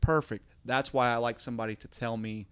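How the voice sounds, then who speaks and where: A man's voice: mid-range voice, fairly even intonation, fairly quick, a bit bright, smooth. A man who coaches jiu-jitsu and hosts a podcast, explaining his teaching in casual chat and often repeating words as he thinks.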